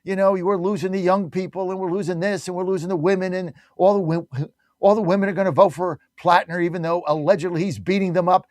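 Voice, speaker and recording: A man's voice: high-pitched, fast talker, darkish tone, dry recording, clean studio sound. A man hosting a talk radio show, delivering an emphatic, combative monologue with lots of repetition.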